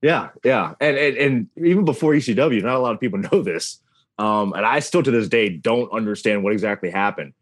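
A man's voice: lowish voice, a little fast. A man in his thirties, a wrestling announcer, telling stories as an interview guest, acting out the voices he quotes. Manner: animated, acts out quoted voices. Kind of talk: casual interview storytelling.

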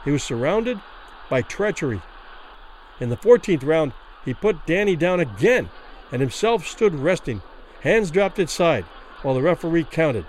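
Expressive male audiobook narrator. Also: on the high side, normal speed, a little hiss or hum, rough recording. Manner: expressive, dramatic.

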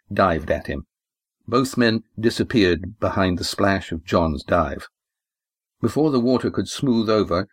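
A man narrating an adventure story at a steady, measured pace. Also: fairly low pitch, no echo. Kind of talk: audiobook narration.

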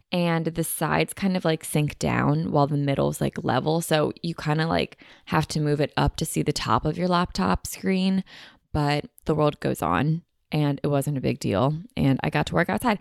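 A woman's voice: low-pitched, creaky, no room sound, clean studio sound. A young woman hosting her own podcast, chatting casually in a bubbly, rambling way from a beach house. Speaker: podcast host. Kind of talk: casual chat.

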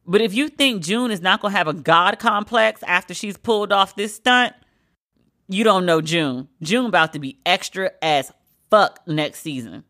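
A woman hosting a solo pop-culture podcast, talking in a sassy, sarcastic, animated way. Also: mid-range voice, moderate pace. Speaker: podcast host.

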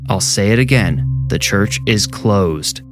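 A man voicing a gruff, stubborn male night janitor who talks bluntly and firmly. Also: low voice, moderate pace, natural voice.

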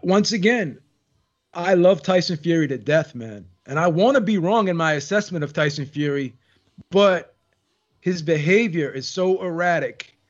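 A man in his fifties with a slightly high voice joins the panel over a dull, lo-fi line. He eggs the others on in a jovial way and says the same line twice. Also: expressive, normal speed. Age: 50s. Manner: jovial, egging others on, repeats himself. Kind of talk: heated panel debate.

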